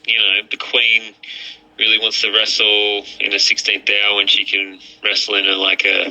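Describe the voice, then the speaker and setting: A man's voice: on the low side, completely flat delivery, moderate pace, sharp tone. A man chatting crudely as a podcast guest, often stammering and restarting. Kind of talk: casual podcast chat. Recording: lo-fi muffled mic.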